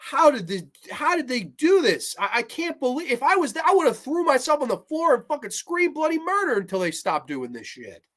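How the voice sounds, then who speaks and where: A woman's voice: high voice, sing-song, a little fast, few pauses, a bit bright. A woman hosting a horror film review show, ranting with exasperated sarcasm and heavy swearing.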